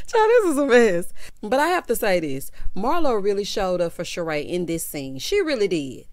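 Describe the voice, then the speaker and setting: A woman in her fifties giving a sassy, animated recap commentary on a reality show. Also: mid-range voice, dry recording. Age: 50s. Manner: sassy, animated, drawn-out teasing.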